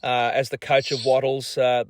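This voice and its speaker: A man's voice: mid-range voice, completely flat delivery, normal speed, no room sound. Upbeat Australian radio host man. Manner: upbeat, leading questions. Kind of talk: radio interview.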